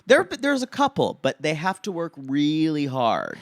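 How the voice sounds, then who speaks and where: A man co-hosting a podcast, telling show moments in an animated, raunchy way and laughing often. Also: a little high, unhurried, no room sound, studio quality. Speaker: podcast co-host. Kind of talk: casual comedic recap chat.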